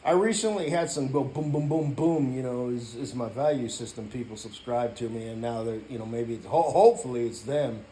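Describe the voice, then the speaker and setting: A man ranting in a casual vlog, rambling and profane, filling every gap with "you know" and now and then breaking into loud shouting. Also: medium pitch, fairly quick, few pauses, slight background noise. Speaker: YouTuber.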